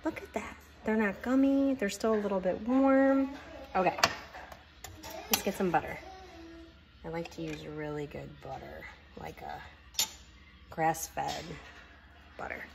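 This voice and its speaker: A woman's voice: mid-range voice, fairly even intonation, a little slow, vocal fry, pauses often, noisy background. A woman talking through her baking in a chatty, gushing kitchen vlog. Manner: chatty and gushing, with many fillers. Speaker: home cooking vlogger.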